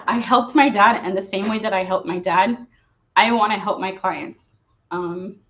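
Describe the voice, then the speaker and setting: A woman's voice: mid-range voice, a bit bright, muffled recording. A woman in her thirties, an immigration attorney, talking earnestly and personally in a live question-and-answer stream, with frequent fillers.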